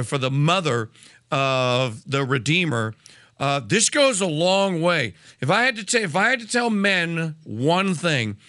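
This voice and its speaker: Bright-voiced halting male host. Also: on the high side. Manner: halting, many fillers and restarts. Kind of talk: podcast interview.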